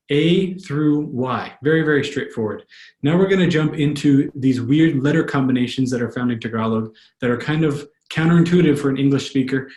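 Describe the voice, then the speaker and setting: A patient man teaching pronunciation, saying each word slowly and then repeating it for his learners. His voice sits at a middle pitch. The recording has a noticeable room echo. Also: darkish tone. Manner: slow, repeats words carefully for learners. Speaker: language tutor. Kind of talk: pronunciation lesson. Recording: echoey room.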